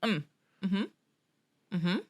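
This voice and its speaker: A woman's voice: lowish voice, drawn-out words. A young woman co-hosting a podcast in casual chat, teasing, laughing often and swearing offhand. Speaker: podcast co-host.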